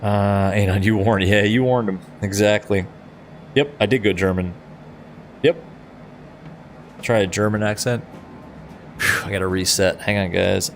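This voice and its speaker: A man's voice: on the low side, steady tone, measured pace, pauses often, a little hiss or hum. A middle-aged man streaming a flight sim in casual chat, laughing often as he answers his viewers.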